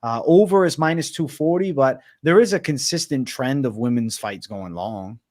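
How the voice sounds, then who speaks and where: A man co-hosting a mixed martial arts show, giving measured, laid-back picks and betting analysis. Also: medium pitch, darkish tone. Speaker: co-host of MMA betting show. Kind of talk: casual fight analysis and betting talk.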